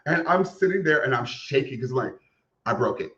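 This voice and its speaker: A man co-hosting a casual podcast, telling an embarrassing story in a sassy, animated way with swearing. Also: mid-range voice, fast talker, reverberant, highs cut off. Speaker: podcast co-host. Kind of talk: casual chat, comic storytelling.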